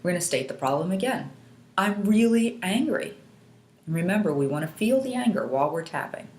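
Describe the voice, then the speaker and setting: A woman instructor calmly guiding listeners step by step through a tapping technique, asking them to repeat after her. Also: low voice, fast talker. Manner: calm, patient step-by-step guidance. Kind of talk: guided instructional demonstration. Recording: echoey room.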